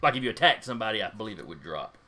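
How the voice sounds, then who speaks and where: A man's voice: on the low side, very animated, rapid-fire, heavy background noise. A man running a tabletop game as game master, describing the scene in a casual, folksy way.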